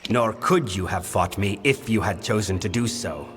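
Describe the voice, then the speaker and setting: In a video game, an actor gives a weary, ancient winter fae king a grave, formal and commanding delivery, only lightly acted. The voice is on the low side with a fairly bright tone and a moderate pace. The recording has long reverb and game music.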